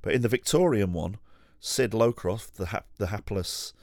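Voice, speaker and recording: Low-voiced man telling a sweary anecdote. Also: moderate pace, darkish tone, no echo, clean studio sound. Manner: rambling, sweary, self-deprecating, with frequent restarts and laughs. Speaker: podcast host. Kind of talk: casual storytelling monologue. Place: at home.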